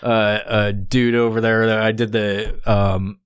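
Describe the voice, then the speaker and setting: A man's voice: lowish voice, level tone, a little slow, clear, resonant tone, dry recording, clean studio sound. A man hosting a podcast in casual chat, swearing constantly and laughing often. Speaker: podcast host.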